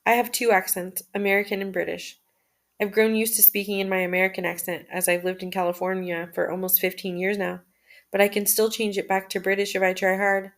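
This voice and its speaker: A woman reading a personal journal aloud in the first person, at a steady, measured pace with occasional restarts. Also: mid-range voice.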